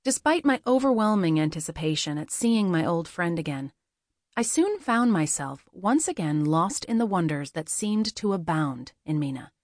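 Woman reading a fantasy audiobook, lowish voice, dry close sound, measured pace. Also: big pitch swings, no echo. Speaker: audiobook narrator. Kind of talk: first-person fantasy audiobook narration.

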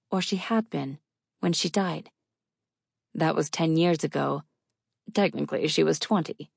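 A woman narrating a first-person novel in a measured, wry storytelling manner. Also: deep voice, gravelly, darkish tone, husky, dry recording, studio quality. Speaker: audiobook narrator.

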